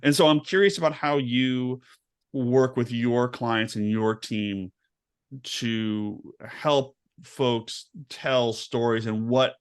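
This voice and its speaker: A man's voice: medium pitch, fairly even intonation, slow pace, clear, resonant tone. A man hosting a podcast interview, summing up points and asking questions with hesitant restarts. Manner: summarizing, frequent backchannels, hesitant restarts. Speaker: podcast host. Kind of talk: conversational interview.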